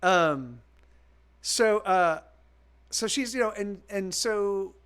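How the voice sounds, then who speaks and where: Here the same kind of speaker, a man in his forties who plays music and streams, talks slowly in a high-pitched voice that's clean and fairly bright. His casual talk to viewers meanders with many restarts and repeats, and he swears freely.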